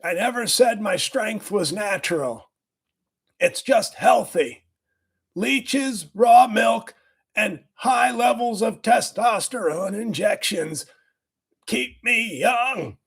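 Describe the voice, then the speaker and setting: A man doing a raspy, strained older official. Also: high voice, animated, slow pace, heavily acted. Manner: boastful, rambling, shouts for emphasis. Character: raspy strained older male health official, boastful and cranky. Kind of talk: comedic impression.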